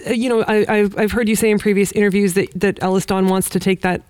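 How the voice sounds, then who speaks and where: A woman's voice: medium pitch, fairly even intonation, fast, a little mellow, clear, resonant tone, no echo. Casual woman podcast host. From Canada. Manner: casual, conversational, laughs lightly. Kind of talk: podcast interview.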